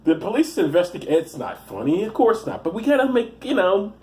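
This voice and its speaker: A man giving profane comic commentary on news stories, rambling and halting, with frequent restarts and asides. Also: high voice, big pitch swings, a little mellow. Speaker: comedian reading the news.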